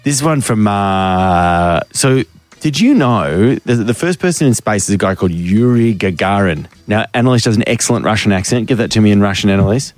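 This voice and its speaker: Aussie bloke on drive radio, joking and laughing, telling a yarn, music faint behind. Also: male voice, fairly low pitch, lively intonation, normal speed, a little mellow, no echo. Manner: playful, laughing, storytelling. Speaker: radio host. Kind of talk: casual radio banter.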